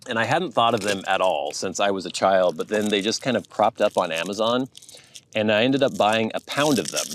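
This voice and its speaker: Low-voiced Pacific Northwest man musing. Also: background noise. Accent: Pacific Northwest American. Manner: low-affect, flat and even; musing, thinking aloud. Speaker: vlogger. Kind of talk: casual chat to camera.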